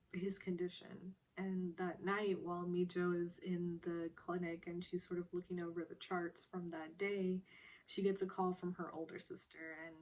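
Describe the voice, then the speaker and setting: Slow, soft-spoken young woman. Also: on the low side. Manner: slow, soft and hesitant, with fillers and quiet laughs. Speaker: recap vlogger. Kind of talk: casual TV recap.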